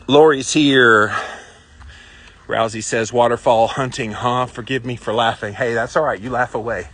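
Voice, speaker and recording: A man's voice: mid-range voice, steady tone, takes it slowly, pauses often, fairly bright tone, breathy edge. A man hosting a casual livestream while walking outdoors, chatting and reading out viewer comments. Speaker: livestream host. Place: outdoors on a walk.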